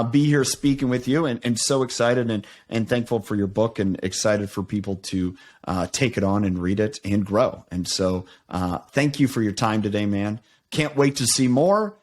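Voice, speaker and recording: Man, medium voice, podcast host, casual and thankful. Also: medium pitch. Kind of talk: casual interview.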